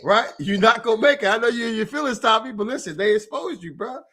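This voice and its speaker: A man's voice: very high-pitched, lively intonation, quick pace, pushed and bright. An American man hosting a political livestream, delivering a heated, profane rant and calling out an absent rival by name. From United States. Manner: addresses an absent rival directly. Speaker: political commentary host.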